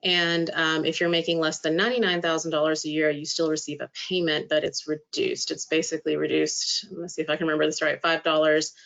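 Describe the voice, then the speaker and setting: A woman presenting legal information in a webinar, explaining at length and filling pauses with "um". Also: deep voice, little pitch movement, gravelly, a bit bright. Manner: explanatory, many filler "um"s. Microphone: video call. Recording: dull lo-fi call audio.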